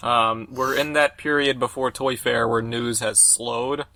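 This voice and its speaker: A man's voice: medium pitch, fairly even intonation, a little slow, bright, forceful tone, no echo. A man hosting a casual group podcast, joking around and then going over news plainly. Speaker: podcast host.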